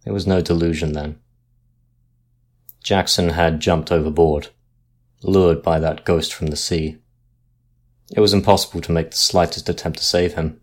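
A man reading a sea ghost story aloud in a measured, dramatic narration style. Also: sits low, fairly even intonation.

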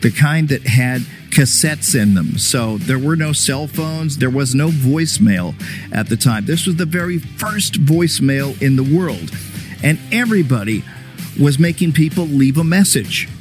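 A man's voice: on the high side, lively intonation, a little slow, over music. A man hosting a rock podcast, chatting and interviewing in an upbeat, promotional way. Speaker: podcast host. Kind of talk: casual radio-style interview.

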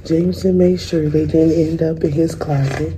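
A young woman, a student, reading a picture book aloud in a calm, measured way. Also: low-pitched, a little hiss or hum, poor audio. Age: young adult. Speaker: student reader.

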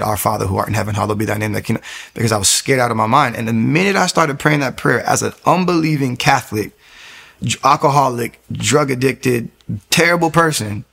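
A young man from the United States telling his personal testimony in an earnest, halting way, often restarting his sentences. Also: mid-range voice, vocal fry, a bit bright, slightly rough.

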